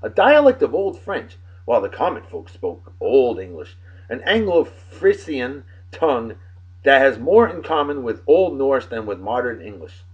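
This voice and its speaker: A man with a husky, slightly breathy voice reads movie trivia in a casual, lively way. His pitch jumps around a lot as he tosses in wry little comments. The recording sounds dull and lo-fi. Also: measured pace. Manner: offhand asides and wry comments. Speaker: host.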